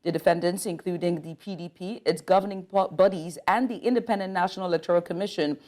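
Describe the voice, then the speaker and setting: Reading the news and then questioning a guest, this Nigerian anchor speaks quickly in a mellow, fairly low voice. Her delivery has occasional small slips and restarts.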